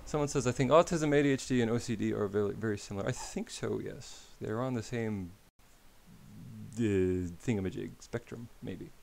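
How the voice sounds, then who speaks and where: A man's voice: on the low side, moderate pace, vocal fry, darkish tone. A man from Australia chatting casually on his stream, rambling and wry, swearing now and then.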